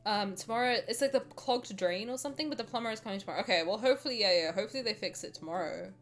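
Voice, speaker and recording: A chatty British woman streaming a game reaction, rambling freely and chatting with her viewers. Her voice sits at an ordinary middle pitch, and she laughs often between tangents. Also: very fast, faint music behind. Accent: British English. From Britain. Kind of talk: casual reaction chat.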